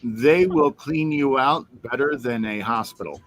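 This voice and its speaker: A man chatting on a stream voice call, telling a lively anecdote and putting on voices for its people. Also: mid-range voice, unhurried, no echo. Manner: animated storyteller, voices the people in his anecdote. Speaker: stream guest. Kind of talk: casual chat.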